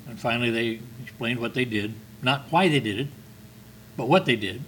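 A man's voice: mid-range voice, normal speed, fairly bright tone, slight background noise, low-quality recording. An older man preaching a sermon, reading scripture with earnest, emphatic stresses.

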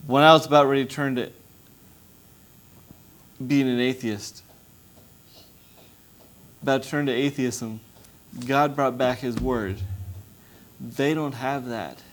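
A man's voice: medium pitch, fairly even intonation, slow, pauses often. Impassioned man preaching a testimony. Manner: impassioned, rising to loud pleading. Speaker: missionary preacher. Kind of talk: testimony sermon.

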